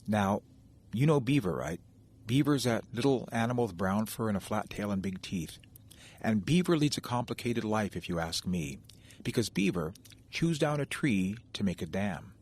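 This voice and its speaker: A man telling a traditional animal tale in a gentle, conversational way, speaking straight to his listeners. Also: lowish voice, slightly rough. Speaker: storyteller. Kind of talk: oral folk storytelling.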